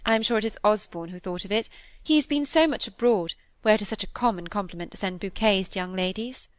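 A woman voicing a lively, careless young woman who talks briskly and dismissively in a storybook reading. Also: medium pitch, no echo, lightly acted. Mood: breezy.

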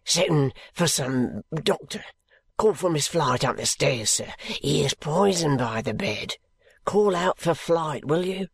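A man voicing a furtive, sly old male shopkeeper who talks in a hoarse whisper. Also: fairly high pitch, animated, slow pace, heavily acted. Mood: urgent.

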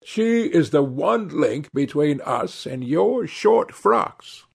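A languid, cynical aristocratic wit, as a man reading a novel voices him. He drawls his remarks slowly in a raised, lively tone with a gravelly edge. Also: on the high side, voice pushed up, full character voice. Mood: amused.

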